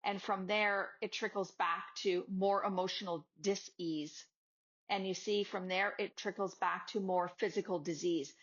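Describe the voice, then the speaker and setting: A woman's voice: medium pitch, fairly even intonation, unhurried, fairly bright tone. Chatty woman giving a motivational talk. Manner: conversational, acts out dialogues with students. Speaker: yoga teacher and podcast host. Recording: slightly dull lo-fi audio.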